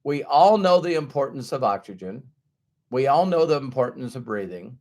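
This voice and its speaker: A man giving a motivational talk to an audience, acting out everyday inner voices in an animated way. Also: medium pitch, normal speed. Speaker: motivational speaker.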